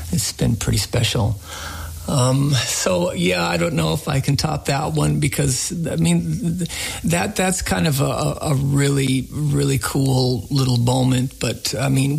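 A man with a gravelly, creaky voice recounts anecdotes from his radio folk program. His telling is folksy and rambling, the easy talk of a host being interviewed about his work. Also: mid-range voice, rough recording.

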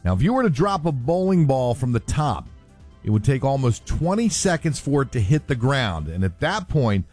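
A man's voice: mid-range voice, big pitch swings, normal speed, darkish tone, soft background music. A man hosting a morning radio show in a casual, chatty way, sometimes stopping to correct himself on how a word is said. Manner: chatty, self-correcting on pronunciations. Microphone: studio microphone.

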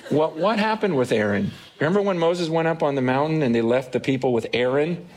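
A man's voice: on the high side, animated, a little fast, heavy background noise. A man preaching a sermon to a congregation, earnest and searching, acting out the inner voices of doubt and faith. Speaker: pastor.

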